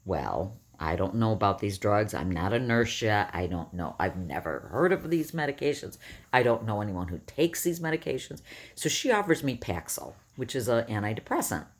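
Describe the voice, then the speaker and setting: A woman in her fifties with a rough morning voice, telling a personal story to camera in a rambling, self-correcting way. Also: rumbling low, very animated, moderate pace. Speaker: vlogger.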